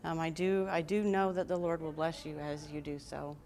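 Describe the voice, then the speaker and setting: A woman's voice: low-pitched, little pitch movement, normal speed, a little mellow. A woman giving an earnest, heartfelt presentation to a live audience. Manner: reads scripture aloud with emphasis. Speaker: conference presenter.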